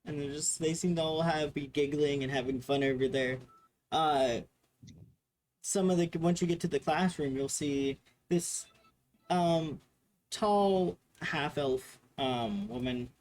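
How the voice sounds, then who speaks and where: A man narrating a tabletop game as game master, halting with many fillers. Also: a little high, a little mellow, poor audio.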